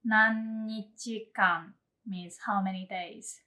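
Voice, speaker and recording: A woman teaching a casual spoken lesson. She chats with fillers and laughs, and says example phrases slowly and clearly before repeating them. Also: mid-range voice, steady tone, sharp tone. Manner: chatty, laughs, many fillers like "um" and "you know". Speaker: language teacher.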